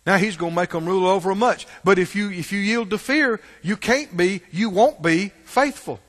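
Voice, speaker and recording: A man preaching a sermon in church, asking the congregation questions and swinging between loud calls and hushed asides. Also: sits high, moderate pace. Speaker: pastor. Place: church sanctuary. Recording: long reverb of a large hall.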